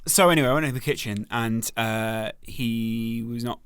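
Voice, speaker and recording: A man's voice: medium pitch, moderate pace, a bit bright, smooth, no echo, clean studio sound. A man co-hosting a podcast in casual chat, joking and teasing, with frequent giggles as he tells stories. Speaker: podcast co-host. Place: podcast studio.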